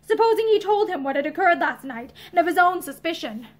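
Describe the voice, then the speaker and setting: A woman narrating a novel aloud, expressive, lifting her voice for the dialogue. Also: brisk. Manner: expressive, heightened pitch for dialogue. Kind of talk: audiobook-style reading with character voices. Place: indoor room with bookshelves. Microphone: seated facing camera.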